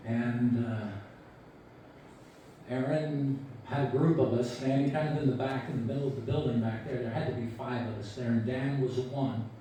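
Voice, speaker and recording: A man in his sixties giving a memorial eulogy, telling stories about a friend in an unhurried, anecdotal way and quoting him with a chuckle. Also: medium pitch, dark tone, slight background noise. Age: 60s. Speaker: eulogy speaker. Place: large echoey hall at a memorial service. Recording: echoey hall recording from far off.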